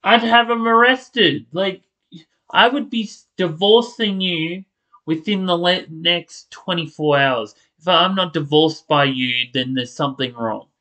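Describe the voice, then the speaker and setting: A man's voice: a little high, unhurried, fairly bright tone, poor audio. A man angrily reacting to a video, swearing and cutting off his own words as he rants. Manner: furious, swearing, blurting, restarting words. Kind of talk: angry reaction rant.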